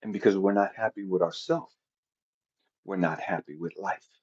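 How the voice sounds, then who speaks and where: A man giving an impassioned, profanity-laden motivational talk, swinging between loud outbursts and quiet passages with a preacher-like cadence. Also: sits low, moderate pace, husky. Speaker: motivational speaker. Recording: dull lo-fi audio.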